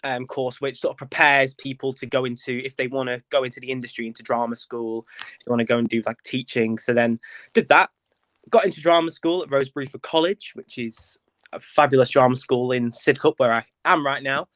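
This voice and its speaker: Guesting on a laid-back podcast, a young actor and theatre director from Lancashire, England, talks through his journey into theatre, peppering it with camp asides and lots of fillers. He has a mid-range, slightly bright voice with a steady tone, talks fairly quickly, and there's no room sound.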